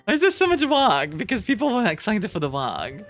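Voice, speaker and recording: A woman's voice: medium pitch, wildly swooping pitch, brisk, hardly any pauses. A woman streamer chatting casually with her viewers, giggly and rambling, with lots of restarts. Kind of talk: casual chat reading viewer messages. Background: quiet background music.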